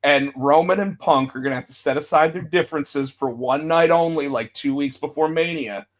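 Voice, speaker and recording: A man co-hosting a podcast, chatting casually about wrestling and acting out quotes with big jumps in his voice. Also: normal speed. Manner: animated, acts out quotes with big pitch jumps. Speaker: podcast co-host.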